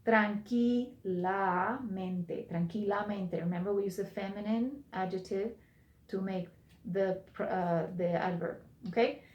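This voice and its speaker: A woman's voice: mid-range voice, fairly even intonation, normal speed, dark tone, muffled recording. Woman, teacher, patient, repeats phrases, recorded lesson, roomy echo. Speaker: Spanish teacher.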